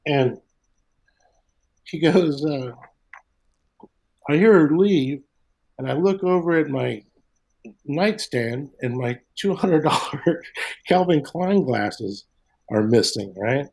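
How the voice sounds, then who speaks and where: A man's voice: a little high, animated, slow, gravelly, long pauses, a little mellow, rough recording. A middle-aged man, a guest comedian in a casual chat, telling rambling road stories, swearing freely and acting out quotes.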